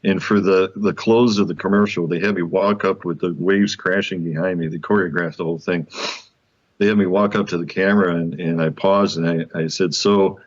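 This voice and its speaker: Deep-voiced man telling a lively story. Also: normal speed, lo-fi sound. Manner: animated, laughs often, acts out quoted dialogue. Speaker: guest author. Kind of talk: conversational storytelling in an interview.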